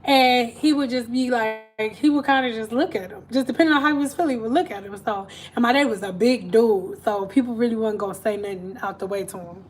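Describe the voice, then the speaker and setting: A woman's voice: fairly high pitch, a little fast, few pauses, slight background noise. A woman hairstylist telling stories in a chatty, slangy way on a casual live stream from home. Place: at home, TV in another room.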